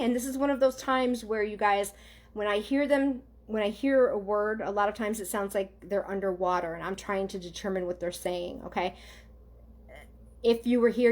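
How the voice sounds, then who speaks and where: Woman, psychic medium, live online reading, gentle, halting, mid-range voice. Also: medium pitch. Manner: halting, gentle, addresses viewers directly with many ums and okays.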